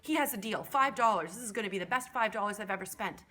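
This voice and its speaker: A woman voicing an eager, excited man who wants to buy a talking dog. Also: medium pitch, quick pace, natural voice.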